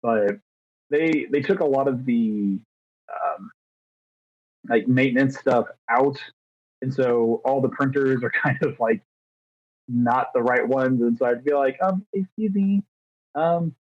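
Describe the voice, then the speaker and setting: On a dull, dry lo-fi recording, a thirty-year-old male podcast co-host chats casually in a steady, mid-range voice, taking it slowly with long pauses. He rambles, pokes fun at himself and acts out small exchanges.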